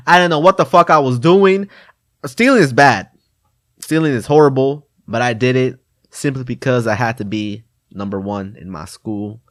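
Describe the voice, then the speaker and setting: Man, casual storytime vlog, animated, profane, dry recording. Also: lowish voice, dry recording. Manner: animated, profane, swings between loud and quiet. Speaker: vlogger.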